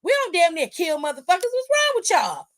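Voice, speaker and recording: A woman's voice: very high-pitched, wildly swooping pitch, brisk, voice pushed up, heavily acted. A woman voicing a stern man who warns a rival to get his crew in line, emphatic and threatening.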